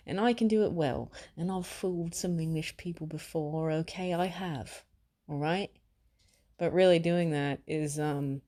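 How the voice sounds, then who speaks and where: An American woman doing casual commentary, blunt, mocking and full of swearing. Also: lowish voice. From United States. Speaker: commentary vlogger.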